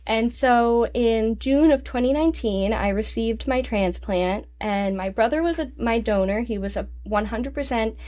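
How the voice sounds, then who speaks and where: A young woman, a DJ and singer, telling a personal story in a podcast interview, halting and restarting, laughing through tears. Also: a little high, mellow. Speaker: guest, DJ and vocalist.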